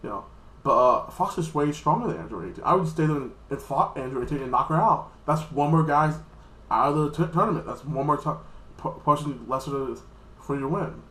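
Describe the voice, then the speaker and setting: An American man giving a casual, rambling and profane recap of an anime episode, now and then jumping into high, squeaky mock voices. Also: fairly quick, sharp tone, reverberant, low-quality recording. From United States. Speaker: anime reviewer.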